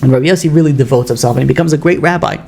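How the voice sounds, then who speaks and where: A man's voice: a little high, racing, gravelly, darkish tone, slight background noise. A man, a rabbi, giving an informal lesson on the Mishnah, speaking conversationally and retelling stories with acted dialogue, often restarting his sentences. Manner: loose phrasing with frequent restarts.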